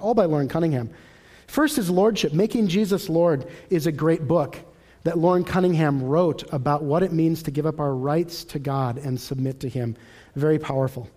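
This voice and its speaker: Man, storytelling sermon, higher voice. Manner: lively storyteller who acts out dialogue, conversational. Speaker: Christian teacher. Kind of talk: sermon-style teaching with personal stories.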